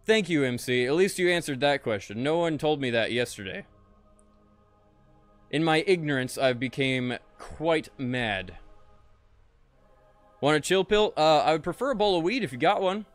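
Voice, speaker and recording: A man's voice: on the high side, lively intonation, normal speed, long pauses, faint music behind. A young man streaming a space game, talking to chat and muttering in frustration, swearing often. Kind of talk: casual live-stream commentary.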